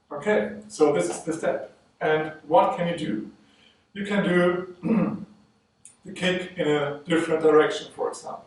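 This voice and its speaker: A man teaching an online swing dance lesson, counting beats aloud as he demonstrates steps, speaking slowly and a little away from the mic in a very roomy space. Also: on the high side, darkish tone, recorded from a distance, slight background noise.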